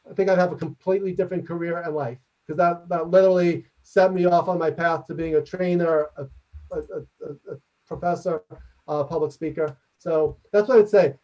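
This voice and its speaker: A man presenting a workshop over a video call and answering questions, talking quickly and energetically in the manner of a professor and trainer. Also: high voice, mellow. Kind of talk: webinar presentation and Q&A. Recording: dull distant video-call audio.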